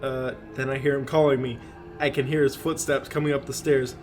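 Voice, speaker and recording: A man's voice: mid-range voice, flat delivery, brisk, a little mellow, soft background music. A young man co-hosting a podcast, reading a horror story aloud with hammy emphasis and bursts of laughter. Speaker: podcast co-host.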